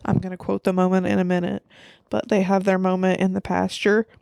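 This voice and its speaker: A young woman podcast host casually recapping a film, animated, acting out quotes and laughing often. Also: medium pitch, brisk, vocal fry, no echo, clean studio sound.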